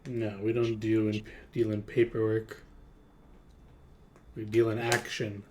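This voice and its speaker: A man's voice: fairly low pitch, completely flat delivery, takes it slowly, warm tone, slight background noise. A man playing a tabletop game, speaking in character in a blunt, confident way. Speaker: player.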